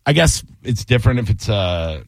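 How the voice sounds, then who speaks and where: A man's voice: lively intonation, moderate pace, gravelly, dry recording. A man hosting a casual radio talk show, teasing and joking with his co-hosts. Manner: joking, teasing, loud swings in pitch.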